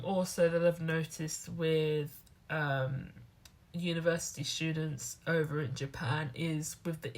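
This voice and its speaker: A woman, chatting to camera as a student vlogger, rambling and animated. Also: on the low side. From England. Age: 20s. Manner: rambling, animated, acts out other people's lines. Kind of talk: casual talking-to-camera vlog.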